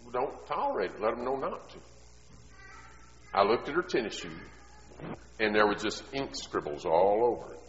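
Preaching in a reverberant hall where his voice comes across muffled and dull, a middle-aged man moves between relaxed storytelling and forceful, loud exhortation. His pitch is fairly low but swings widely, at a normal speed with frequent pauses.

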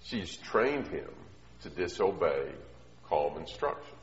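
A man's voice: low voice, slow pace. A man preaching a sermon on parenting, telling stories and asking the audience questions. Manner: storytelling, animated, asks the audience questions. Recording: echoey hall, dull sound.

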